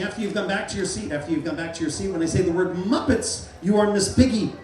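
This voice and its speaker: A middle-aged man working as a stage hypnotist at a live comedy show, playfully giving loud, repeated suggestions to volunteers. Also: high-pitched, animated, a little fast. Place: large fair tent. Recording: echoey tent, mic heard from far.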